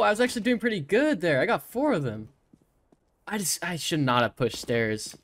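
A man's voice: high-pitched, moderate pace, background noise. Hyped gamer dude commentating his match, voice jumps all over the place, gunshots blasting behind him. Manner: excitable, yelps and swears at surprises. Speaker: gaming streamer. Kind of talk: live gameplay commentary. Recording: loud game gunfire under voice.

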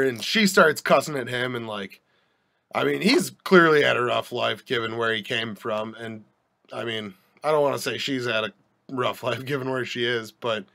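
A man's voice: mid-range voice, gravelly, fairly bright tone. A young man hosting a podcast, telling a rambling anecdote in a wry, joking way with many restarts and asides. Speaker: podcast host. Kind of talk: casual storytelling monologue.

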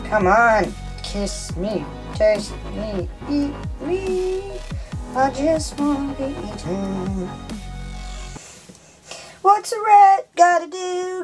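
A man's voice: extremely high pitch, gravelly, pitched above the performer's own voice, exaggerated voice. A man voicing a plump, eager pet rat that coaxes a snake to eat it, in a sing-song voice. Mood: pleading. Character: chubby pleading pet-food rat, eager to be eaten.

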